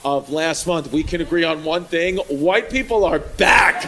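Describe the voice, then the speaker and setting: A man's voice: fairly high pitch, animated, measured pace, few pauses. Rowdy male stand-up comic, live club. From New York. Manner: loud and rowdy, shouting punchlines. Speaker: stand-up comedian. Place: comedy club stage. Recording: live club recording with crowd noise. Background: laughing crowd.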